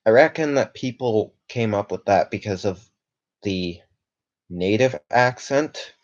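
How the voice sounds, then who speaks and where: A man's voice: lowish voice, expressive, measured pace, dull audio. A young man from Canada chatting casually on a livestream, rambling and reading viewer comments aloud with lots of fillers. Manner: rambling, reads chat aloud, filler-heavy.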